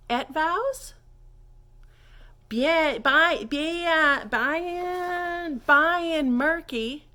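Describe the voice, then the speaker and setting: A woman's voice: fairly high pitch, sharp tone, heavily acted. A woman playing a scatterbrained character who gives a clumsy French lesson, rambling off on tangents and stumbling over phrases. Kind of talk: comedic mock lesson monologue.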